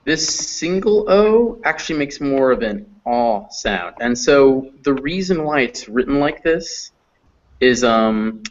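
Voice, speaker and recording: A patient male teacher walks learners through phonetic symbols, stretching out sounds as he demonstrates them. His voice sits at a middle pitch for a man. It comes over a muffled, lo-fi online call line. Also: slight background noise. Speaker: English pronunciation teacher. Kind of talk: explaining phonetics in an online class.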